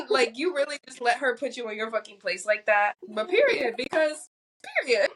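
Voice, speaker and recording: A young woman co-hosting a podcast, telling animated, profane stories in casual chat and mimicking other people's lines. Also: fairly high pitch, normal speed. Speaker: podcast co-host.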